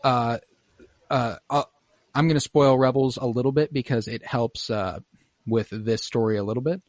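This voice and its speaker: A man hosting a podcast over a video call, talking through an episode scene by scene in an eager, loose way. He fills his talk with "uh" and swears freely. His voice sits at a middle pitch and sounds dry and close. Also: normal speed, dry recording. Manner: excited, swears freely, many fillers. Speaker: podcast host. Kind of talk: casual episode recap.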